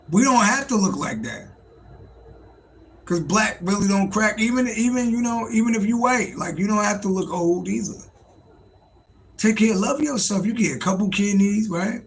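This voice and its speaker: A man hosts a casual livestream, riffing and swearing freely as he answers his chat. His voice sits a little high and carries a gravelly fry. A faint room ambience hums behind him. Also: slight background noise, rough recording. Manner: loose, profane, joking, talks to chat. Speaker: livestream host, tarot reader.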